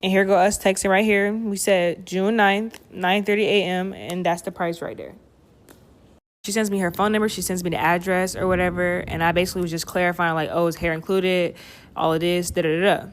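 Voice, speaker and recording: A woman's voice: lowish voice, level tone, fairly quick. A woman chatting straight to her viewers as she starts a story time. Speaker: vlogger. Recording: roomy room echo.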